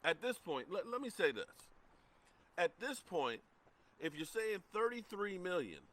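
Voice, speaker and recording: A middle-aged man hosting a casual live sports talk stream, greeting chat viewers by name in an animated way. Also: high voice, a little slow. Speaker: livestream sports show host.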